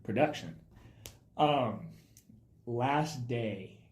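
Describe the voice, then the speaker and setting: A young man in a casual podcast chat tells film-set stories with animated energy, his voice rising and getting loud when he is excited. His voice sits at an average pitch. The room gives his voice a noticeable echo. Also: very slow. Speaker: film student director, guest. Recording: roomy echo.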